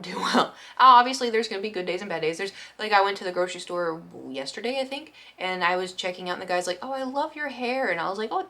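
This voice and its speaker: A woman's voice: mid-range voice, pushed and bright. A young woman vlogger recounting a story to her camera in a loose, rambling way. She sounds anxious and self-deprecating, stumbling over restarts as she talks it through. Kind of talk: casual storytime monologue.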